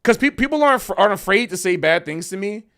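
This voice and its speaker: Animated, emotional man ranting on stream. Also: sits high, quick pace, gravelly, clean tone. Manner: emotional and passionate, says bro a lot. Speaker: jazz musician streaming a Q&A. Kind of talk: casual livestream rant.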